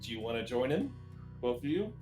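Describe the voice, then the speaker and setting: A man's voice: medium pitch, sing-song, fairly quick, roomy sound, music in the background. Brash joking man at a tabletop game. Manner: joking, brash, swears freely. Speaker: player. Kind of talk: casual tabletop game chat.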